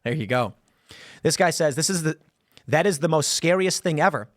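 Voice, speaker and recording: A man's voice: on the high side, animated, moderate pace, dry recording, studio quality. A man in his thirties hosting a casual commentary show, talking animatedly, acting out quoted voices and restarting often.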